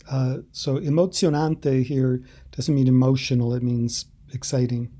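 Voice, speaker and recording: A man talks through a translation lesson in a slow, deliberate way, pausing on hesitant fillers as he explains. His voice sits at an ordinary pitch with a mellow, darker tone. He sounds like a teacher walking learners through a text. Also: fairly even intonation. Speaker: language teacher.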